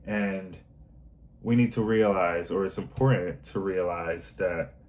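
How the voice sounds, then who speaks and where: Earnest rambling man, low voice. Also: unhurried, a little mellow, a little hiss or hum, rough recording. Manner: earnest, rambling, many fillers. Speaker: self-help vlogger. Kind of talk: casual monologue.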